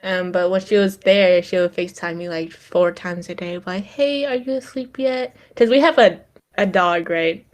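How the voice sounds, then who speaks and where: A woman's voice: fairly low pitch, moderate pace. A young woman in casual podcast chat, telling stories with a lot of laughter and quoted back-and-forth. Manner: chatty storyteller, laughs often, quotes her mom. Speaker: podcast co-host.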